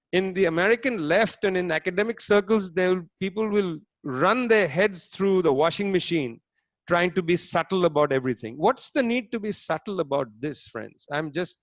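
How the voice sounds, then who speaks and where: Man, fairly high voice, emphatic sardonic lecturer, dry slightly dull online audio. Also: no echo. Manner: sardonic, emphatic, asks the audience rhetorical questions. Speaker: speaker giving a political lecture. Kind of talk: animated lecture talk. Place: online talk, home setup.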